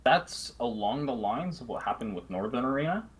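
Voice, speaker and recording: A man talking as a guest on a casual esports podcast, soft-spoken and a bit hesitant. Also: mid-range voice, lively intonation, moderate pace. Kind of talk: casual chat.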